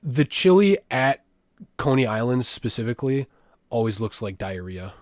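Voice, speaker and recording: Dude cohosting a podcast, cussing a lot, ranting, dry close mic, mid voice. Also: male voice, medium pitch, normal speed, no echo. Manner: crude, swearing, laughing, animated rants. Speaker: podcast co-host. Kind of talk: casual chat.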